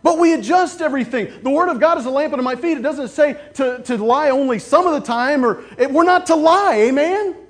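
A male pastor preaching a sermon, with casual stories and sudden loud, emphatic outbursts. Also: very high voice, fairly quick, hardly any pauses.

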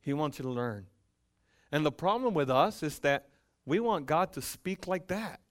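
A man preaching a sermon as pastor, acting out conversations, swinging between loud emphatic lines and hushed quiet ones, at a church pulpit. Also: a little high, lively intonation, normal speed. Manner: acts out dialogue with God and Paul.

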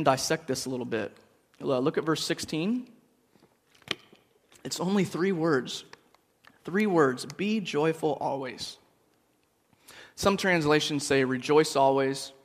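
A man on a church staff giving a casual, storytelling sermon, joking with the congregation. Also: mid-range voice. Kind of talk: conversational sermon. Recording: long hall reverb.

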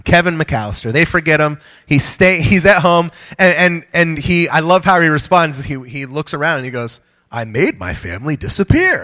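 Energetic man preaching a sermon. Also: on the high side. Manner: joking with the congregation, energetic and conversational. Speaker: pastor.

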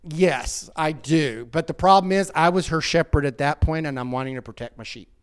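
A man's voice: fairly high pitch, normal speed, smooth. A man who is a pastor, talking in a casual teaching way, emphatic and heated at times, with frequent restarts.

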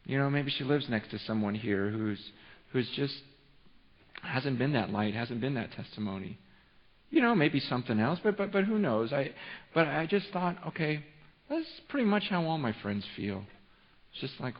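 A male pastor preaching a sermon in a church, telling a story with animated, rising excitement and frequent restarts. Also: medium pitch, moderate pace. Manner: repeats and restarts words often. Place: church sanctuary. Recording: muffled sound with long hall reverb.

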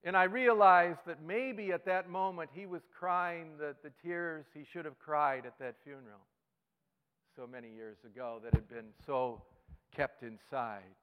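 A male pastor giving a sermon, telling a story with sudden swings between loud and hushed delivery. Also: on the high side, steady tone, measured pace, clear, resonant tone, lo-fi sound. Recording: long hall reverb.

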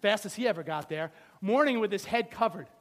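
A man's voice: high-pitched, animated, brisk, a bit bright. A middle-aged male pastor preaching a sermon, telling the story with playful asides and acting out the scenes.

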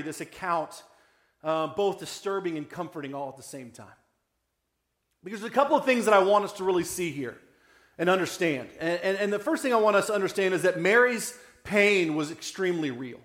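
A man preaching a conversational sermon as a pastor, often checking in with "right?" and dropping soft and low for emotional moments. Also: animated, moderate pace, roomy sound.

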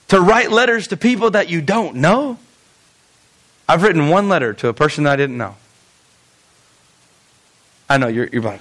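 A male pastor preaching a lively, conversational sermon, with frequent stammered restarts. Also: fairly high pitch, normal speed, long pauses.

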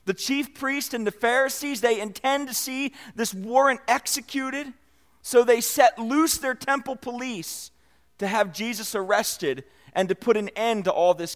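A man preaching a sermon, with expressive delivery that swells and drops in volume for emphasis. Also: extremely high pitch. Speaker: pastor.

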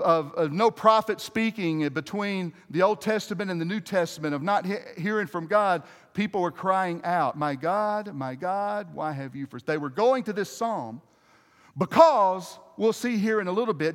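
High-voiced male preacher in a hall. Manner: conversational preaching with restarts and asides to the congregation. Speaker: pastor. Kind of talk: sermon.

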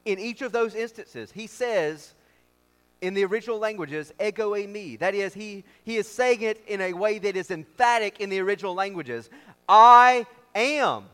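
A man's voice: high-pitched, normal speed, clean tone. A man preaching a sermon as pastor, with an emphatic, repetitive cadence. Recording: long reverb of a large hall.

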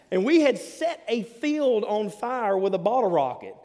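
A man, preaching a sermon as pastor, telling stories with big swings between loud and hushed delivery. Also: high voice, lively intonation, moderate pace, hardly any pauses. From Alabama. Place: church hall. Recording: long hall reverb.

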